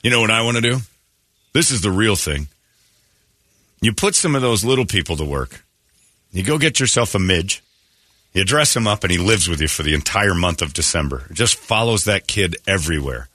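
Male morning-show host, animated storyteller, bright voice, dry studio. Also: low voice, normal speed, dry recording. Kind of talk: comedic morning radio talk.

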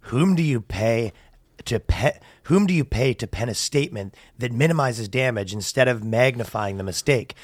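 Male podcast co-host, mid-pitched, casual riffing banter, dry close sound. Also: animated, normal speed, breathy edge, dry recording. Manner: riffing, laughing, reads article quotes aloud.

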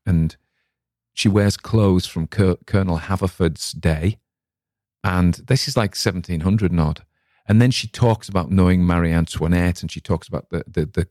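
A man with a northern English accent talks in a deep, low register. His chat is loose and digressive, full of restarts and asides. The recording is dry, with no room sound. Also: a little mellow, dry recording. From north of England. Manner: rambling, chatty, with many restarts and asides. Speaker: podcast host and story reader. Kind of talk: casual chat about a story.

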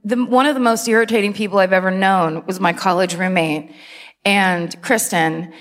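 A woman's voice: mid-range voice, steady tone, normal speed, fairly bright tone. A woman from California co-hosting a live comedy podcast on a theater stage, chatty and laughing as she tells stories with impressions. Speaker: podcast co-host. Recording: long theater hall reverb.

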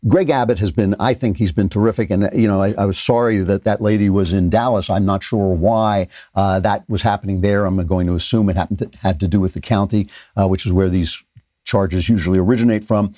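An older man hosts a political commentary show, his low voice dark and mellow. He talks in an animated, opinionated way, full of sarcastic asides and quick restarts. The sound is dry and close. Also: dry recording.

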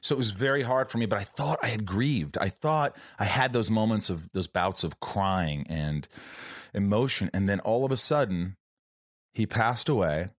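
A young man hosting an intimate chat, his voice low and steady. He talks openly and casually, sometimes swearing and animating the people he quotes. The sound is close and dry, with no room around it. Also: normal speed, no room sound. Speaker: podcast host. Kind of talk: casual heartfelt conversation.

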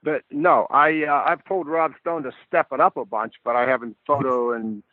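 An older man, a guest football coach, telling animated stories in a podcast chat and repeating words as he starts a thought. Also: mid-range voice, normal speed, no echo. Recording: dry, tinny phone-like line.

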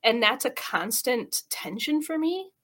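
A woman's voice: high voice, big pitch swings, measured pace, pushed and bright. Earnest emotional woman chaplain. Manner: earnest, emotional, many fillers. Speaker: hospital chaplain. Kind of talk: interview conversation.

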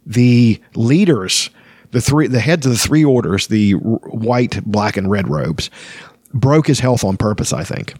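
A man's voice: lowish voice, expressive, a little slow, darkish tone, slightly rough, no echo, clean studio sound. A man hosting a casual book talk, rambling with frequent restarts. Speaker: podcast host discussing a fantasy novel. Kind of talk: casual chat and reading aloud.

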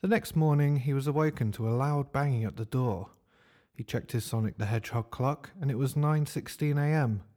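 A man narrating a comic story in a dry, deadpan way. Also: medium pitch, brisk.

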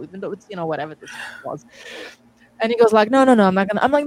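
A woman's voice: mid-range voice, rapid-fire, low-quality recording. A woman guest DJ telling stories in a casual interview, acting out quoted dialogue with lots of restarts. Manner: animated, acts out quoted dialogue, frequent restarts and laughs. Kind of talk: casual anecdotal storytelling.

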